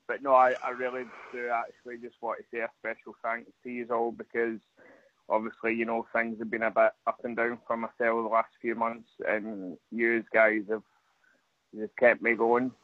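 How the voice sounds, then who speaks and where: Earnest, flat-toned man. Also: medium pitch, no room sound, highs cut off. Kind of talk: casual chat.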